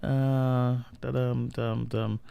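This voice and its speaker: A man's voice: mid-range voice, little pitch movement, extremely slow, gravelly, warm tone, clear, resonant tone, dry recording. A Jamaican man hosting a casual live radio talk show, chatting, laughing and greeting listeners by name.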